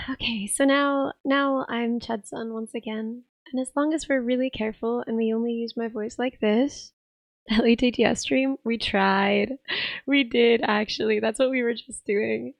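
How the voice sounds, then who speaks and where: Young female streamer, hoarse and rough, slightly high, giggly casual chatter, dry sound. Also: steady tone, a little slow, no echo. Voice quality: rough, raspy voice. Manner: chatty, giggly, reads chat aloud. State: hoarse, tired voice. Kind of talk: casual live-stream chat.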